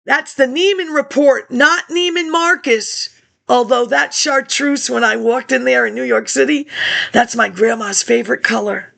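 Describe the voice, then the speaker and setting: A woman's voice: high voice, unhurried, creaky, a bit bright. A woman rambling through old archive documents in a scattered monologue, answering herself in asides. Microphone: laptop webcam.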